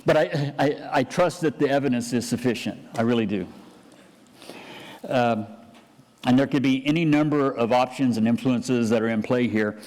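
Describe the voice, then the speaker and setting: A man's voice: medium pitch, moderate pace, a little mellow. A man, a pastor, preaching a conversational sermon with frequent restarts and asides. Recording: church hall reverb.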